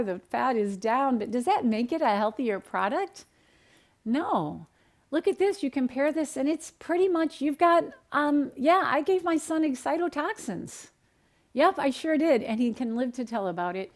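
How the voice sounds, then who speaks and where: Woman, middle-aged, American, dietitian, animated storytelling, kitchen, fairly high pitch. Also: moderate pace. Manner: upbeat, animated, acts out quoted dialogue. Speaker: dietitian and speaker. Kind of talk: direct-to-camera talk with storytelling. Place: home kitchen.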